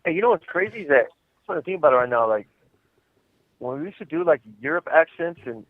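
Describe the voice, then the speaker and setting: A man's voice: on the high side, animated, fast talker, no echo. A man chatting casually and joking on a call from prison, laughing often and using lots of fillers. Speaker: podcast co-host calling from prison. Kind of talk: casual chat on a phone call. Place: prison day room phone. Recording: dull lo-fi phone line.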